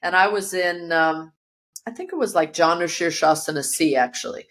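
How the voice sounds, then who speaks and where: A woman interview guest shares a personal story in a voice on the low side, slightly bright and at a normal speed. Recorded in her yoga studio, she tells it vividly and imitates the voices of the people in it.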